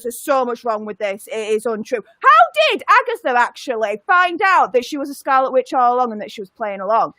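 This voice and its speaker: High, bright ranting woman. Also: no echo. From United Kingdom. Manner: angry, exasperated, ranting. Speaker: panelist. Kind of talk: heated review rant.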